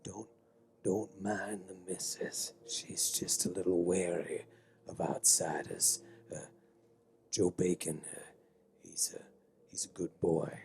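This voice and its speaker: A man voicing a wary, folksy old small-town man who speaks low and confidingly in a drawl. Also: flat delivery, slow, gravelly, pauses often, a little mellow, slight background noise, full character voice.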